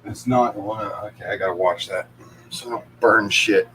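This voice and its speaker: A male host in casual chat, teasing and profane, quick to laugh loudly. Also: lowish voice, steady tone, a little hiss or hum.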